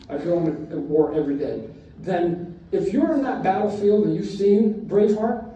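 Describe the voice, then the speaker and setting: Blunt man telling stories in an echoey hall. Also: sits high. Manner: blunt, animated, acts out his own shouting. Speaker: comics creator speaking on a convention panel. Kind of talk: anecdotal storytelling to a live audience. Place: large convention hall panel. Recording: echoey hall, distant from mic, faint noise.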